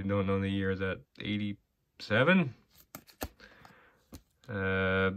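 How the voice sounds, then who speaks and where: A man from Canada rambles through his card mail in a loose, chatty way, muttering to himself between finds. His voice has a bright, slightly sharp edge, and it jumps up whenever a pull surprises him. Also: medium pitch. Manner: chatty, muttering, easily excited. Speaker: hockey card collector opening mail. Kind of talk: casual commentary while opening cards.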